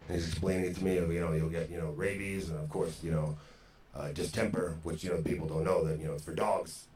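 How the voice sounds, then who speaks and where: A man's voice: deep voice, fairly even intonation, fast talker, darkish tone, soft background music. A man, a podcast guest, telling a story in a frank, conversational way with lots of "you know". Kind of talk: casual storytelling. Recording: roomy echoey sound, faint background noise.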